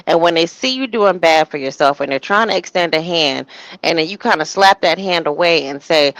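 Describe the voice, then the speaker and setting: A woman's voice: on the low side, normal speed, a bit bright, no echo, poor audio. A woman telling a personal story in casual live-stream chat, rambling with many restarts.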